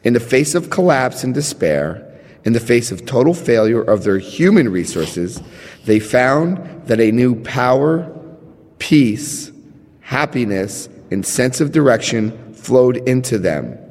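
A man sharing his story and reading aloud at a recovery meeting, retelling conversations with lively emphasis. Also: mid-range voice, a little slow. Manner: animated, retells dialogue with emphasis. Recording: long reverb in a hall.

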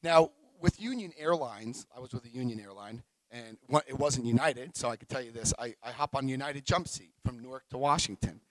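A middle-aged man sharing his recovery story at a meeting, telling it in an emotional, animated way. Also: medium pitch, brisk, few pauses, rough recording.

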